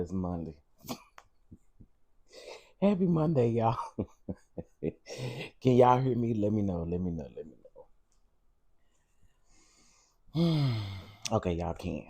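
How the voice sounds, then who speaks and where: A man talks to his livestream viewers in a low, mellow voice with a husky edge. He chats loosely, calls out viewers by name and repeats his phrases again and again. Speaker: livestream host. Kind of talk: casual livestream chat.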